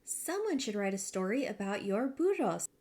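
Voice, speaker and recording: A woman's voice: mid-range voice, very animated, moderate pace, a little mellow. A woman reading aloud, voicing an eager, curious young village girl who loves books. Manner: eager, questioning.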